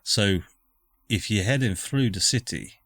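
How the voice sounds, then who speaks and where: A man doing a gruff Scottish-accented NPC with a bright, forceful edge and a low voice, drawling in a conspiratorial, folksy way. The recording is dry and close, with no room sound. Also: a little slow, dry recording. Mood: warning. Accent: Scottish, put on. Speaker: game master voicing an NPC. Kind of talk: tabletop role-play character voice.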